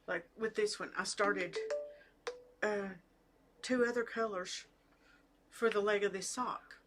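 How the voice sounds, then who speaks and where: A woman's voice: medium pitch, steady tone, takes it slowly, slight background noise. A middle-aged woman chatting casually to camera about her knitting, hesitant, with fillers and restarts. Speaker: knitting vlogger. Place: home with family talking in the background.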